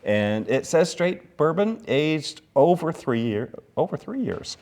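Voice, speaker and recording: A man's voice: on the high side, big pitch swings, takes it slowly, darkish tone. A man hosting a casual whiskey tasting chat, rambling like a storyteller with many restarts. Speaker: podcast host.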